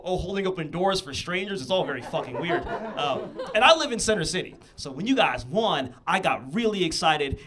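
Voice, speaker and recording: A man's voice: sits high, a little hiss or hum. A young man from the US Midwest doing a stand-up comedy set on stage, telling stories animatedly and acting out the people in them. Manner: animated storytelling with exaggerated quoted voices. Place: comedy theatre stage before a live audience.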